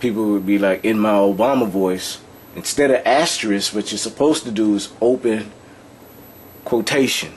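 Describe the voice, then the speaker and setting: A man's voice: fairly low pitch, moderate pace, slight background noise. A man teaching an informal lesson, talking loosely and repeating himself while often checking that the listener follows. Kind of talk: casual explanatory lesson.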